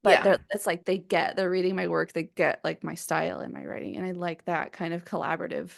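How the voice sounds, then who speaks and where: A woman's voice: fairly low pitch, fairly even intonation, fairly quick, vocal fry, no room sound, clean studio sound. A woman co-hosting a podcast in casual chat, talking in a chatty way with many fillers and restarts. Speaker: podcast co-host.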